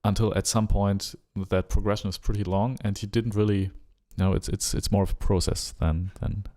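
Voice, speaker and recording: Man, German accent, mellow low voice, casual live-stream producer chat. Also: brisk. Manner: musing and relaxed, hums rhythms aloud, trails off.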